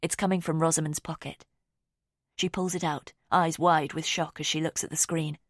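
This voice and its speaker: A woman narrating a thriller audiobook in the first person, measured and even. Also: low-pitched, no room sound, studio quality.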